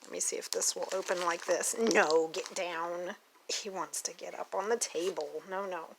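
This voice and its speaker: A woman's voice: fairly low pitch, steady tone, moderate pace, creaky, a little hiss or hum, low-quality recording. A woman from Oklahoma with an Oklahoma accent, chatting and gushing through a casual unboxing vlog at a table at home. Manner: chatty, gushing, talks to her dog. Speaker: doll collector vlogger.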